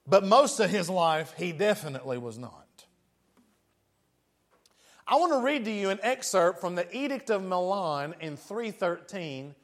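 A man's voice: high-pitched, sing-song, a little slow. A man with a West Tennessee accent preaching a sermon in a folksy, joking way, laughing often.

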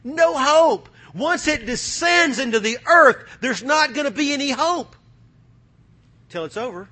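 Male preacher, high bright voice, husky edge, fervent, loud then hushed. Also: lively intonation, measured pace. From United States. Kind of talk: sermon.

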